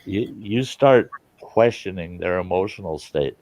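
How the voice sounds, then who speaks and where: A man's voice: sits low, expressive, a little slow, a little mellow, dry recording. A middle-aged man hosting a casual chat, talking earnestly and from the heart. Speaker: channel host.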